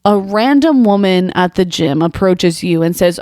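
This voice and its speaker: A woman's voice: on the low side, animated, normal speed, a little mellow, no echo, clean studio sound. A young woman hosting a comedy monologue show, reading social media posts aloud and reacting with exasperated, incredulous rhetorical questions. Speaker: podcast host.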